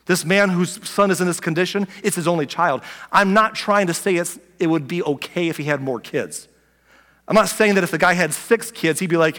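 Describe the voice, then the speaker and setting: A man preaching a sermon as a pastor, talking conversationally and dropping from loud to near-whispered. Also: sits high, a little fast, in a large hall.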